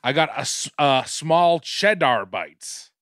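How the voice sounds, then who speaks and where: Podcast guy rambling and cussing, kinda high voice bouncing all over, dry sound. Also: slow, no room sound. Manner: animated, rambling, swears freely. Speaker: podcast co-host. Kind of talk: casual chat.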